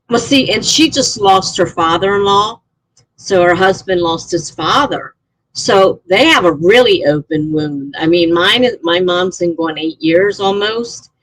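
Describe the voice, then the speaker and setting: Chatty woman with a husky voice. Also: fairly low pitch, fairly bright tone, no room sound, poor audio. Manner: rambling, chatty storytelling with many fillers. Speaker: live streamer. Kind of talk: casual chat.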